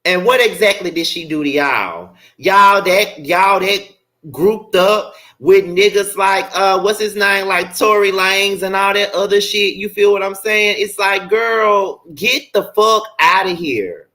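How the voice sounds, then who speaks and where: A man's voice: sits high, measured pace, bright, forceful tone. A young man hosting a livestream, ranting bluntly and profanely, repeating his points for emphasis. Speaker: show host.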